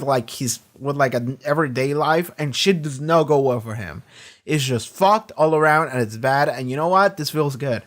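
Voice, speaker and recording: Profane, rambling reaction-video guy. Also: fairly high pitch. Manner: loose, profane retelling full of fillers. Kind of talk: casual reaction commentary.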